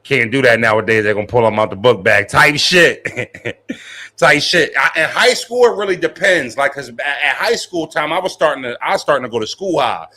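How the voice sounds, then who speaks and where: A man's voice: medium pitch, pushed and bright. A young man live-streaming, chatting casually with his viewers in slangy, profane talk and laughing often.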